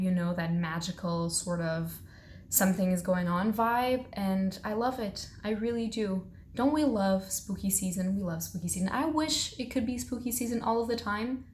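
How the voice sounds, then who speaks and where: Fast-talking bubbly book vlogger woman. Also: medium pitch. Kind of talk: casual book haul chat. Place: at home, in pajamas.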